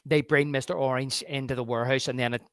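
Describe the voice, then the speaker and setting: A man's voice: mid-range voice, steady tone, quick pace, fairly bright tone, no room sound, clean studio sound. A man co-hosting a podcast, chatting casually about a film and retelling favourite scenes with relish. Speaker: podcast co-host.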